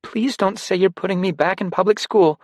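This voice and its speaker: A man's voice: high voice, moderate pace, a little mellow, no room sound, clean studio sound, voice pushed up, natural voice. A man voicing an anxious middle-school girl with psychic gifts, asking pleading, breathless questions in an audiobook.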